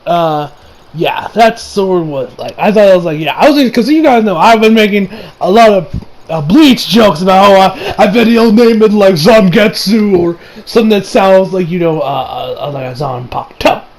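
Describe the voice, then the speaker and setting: A young man casually reviewing an anime episode, excitable, cursing a lot and restarting his sentences. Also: sits high, moderate pace. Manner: excitable, swears often, many fillers and restarts.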